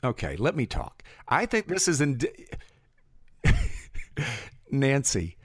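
A man co-hosting a podcast, speaking in a measured, cautious way and hedging his claims as he argues back. His voice is mid-pitched, its pitch moves a lot, and it is recorded dry and close. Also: wildly swooping pitch, slightly rough, dry recording. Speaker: podcast co-host reporting on a case. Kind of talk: podcast debate.

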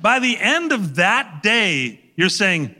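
A man, an actor guest, telling an animated anecdote on a talk show, laughing and swearing now and then. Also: high voice, slow, big-room sound.

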